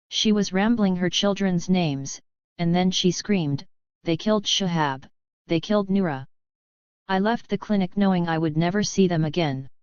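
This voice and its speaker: A woman reads first-person testimony aloud in a slow, grave, steady audiobook style. Her voice sits low and sounds smooth and clear. The recording is dry and slightly dull, with a lo-fi edge. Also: no room sound. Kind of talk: measured audiobook reading.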